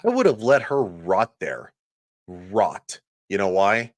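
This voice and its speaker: A man's voice: lowish voice, big pitch swings, slow, dry recording. A man hosting a livestream, ranting sarcastically and crudely, often reading out viewers' chat comments. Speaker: livestream host.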